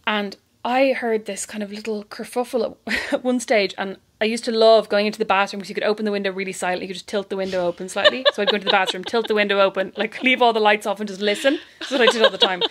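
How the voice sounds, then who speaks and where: An Irish woman co-hosting a podcast, telling neighbour stories in a lively chatty way and acting out the voices of people she quotes. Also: mid-range voice, fast talker. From Ireland. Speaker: podcast co-host. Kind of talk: casual storytelling chat.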